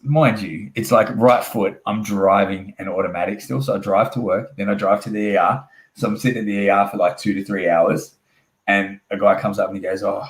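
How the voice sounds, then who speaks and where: A young Australian wrestler, appearing as a guest in a casual storytelling interview, spins a rambling anecdote full of swearing and acts out the dialogue. His voice is fairly low and fairly even, his delivery brisk, and the room sounds echoey.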